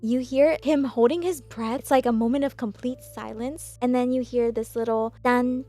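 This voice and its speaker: A woman hosting a reaction video, talking emotionally and stumbling over her words as she gets excited. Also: a little high, normal speed, hardly any pauses, soft background music.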